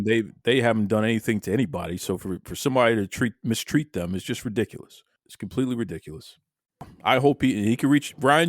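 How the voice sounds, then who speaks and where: A man co-hosting a podcast, speaking calmly and reasoning things through with a few hesitant fillers. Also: fairly low pitch, dry recording, studio quality. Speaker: podcast co-host. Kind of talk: casual chat.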